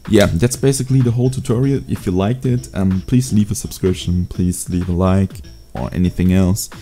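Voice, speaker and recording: A young man teaching a beatbox sound in a casual home video tutorial, relaxed and hesitant, with many fillers. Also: sits low, moderate pace, soft background music. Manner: laid-back, hesitant with fillers. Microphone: USB desk mic.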